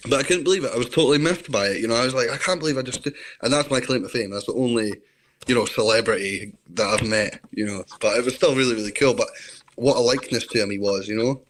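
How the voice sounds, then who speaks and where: A man's voice: mid-range voice, fast, a bit bright, a little hiss or hum, rough recording. A Scottish man telling stories in a rambling, enthusiastic casual chat.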